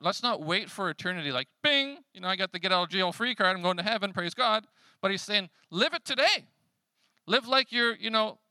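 Guy preaching a sermon, gravelly and super bright, goes from loud punchy lines to almost hushed, dry sound. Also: fairly high pitch, no room sound. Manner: swings between loud emphasis and hushed asides; conversational preaching with casual fillers. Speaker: pastor.

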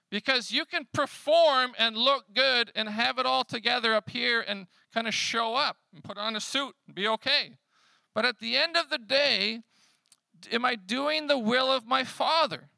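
Gravelly, bright-voiced male preacher. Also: high-pitched, no room sound. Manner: swings between loud emphasis and hushed asides; conversational preaching with casual fillers. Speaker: pastor. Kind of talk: sermon.

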